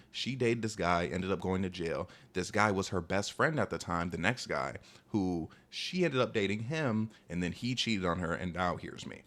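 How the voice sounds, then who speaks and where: Fast-talking young man telling a story. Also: low-pitched. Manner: animated, rambling, heavy use of "like". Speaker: storytime vlogger. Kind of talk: casual storytelling.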